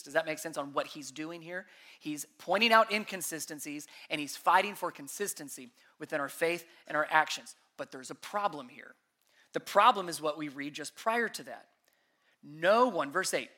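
A man preaching a sermon as pastor, emphatic, asking rhetorical questions, his voice rising and dropping sharply in loudness. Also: sits high.

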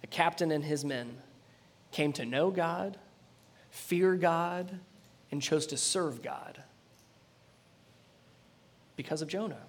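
A man preaching a sermon and reading scripture aloud, animated, swinging between loud emphasis and quiet, earnest intensity. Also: fairly high pitch, slow pace, pauses often.

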